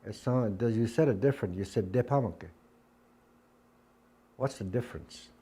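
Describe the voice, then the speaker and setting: Dark-toned and slightly rough, this man's lowish voice moves at a normal speed as he runs a Dakota language class. It's a spoken lesson in which he patiently repeats words many times and drills contrasting pairs out loud.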